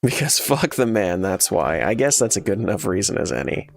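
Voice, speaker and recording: A man on a live stream, chatting loosely and cracking jokes at his viewers while he plays. His voice sits low and rough with fry, yet it jumps all over in pitch. Soft game music hums behind him. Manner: joking, animated, talks back to chat. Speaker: streamer playing a randomizer. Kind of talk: casual live-stream chat.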